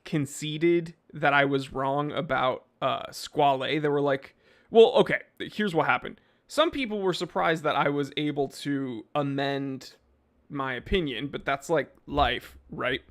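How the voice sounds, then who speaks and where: Chatty, animated man hosting a live stream. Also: fairly high pitch. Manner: animated, reads viewer names aloud, frequent fillers and restarts. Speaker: livestream host answering chat. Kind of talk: casual live chat. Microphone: microphone he sometimes bumps.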